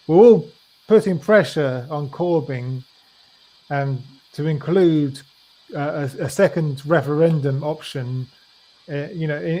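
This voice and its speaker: A man co-hosting a casual politics chat, speaking haltingly with many restarts and ums. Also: fairly high pitch, darkish tone, low-quality recording. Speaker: co-host.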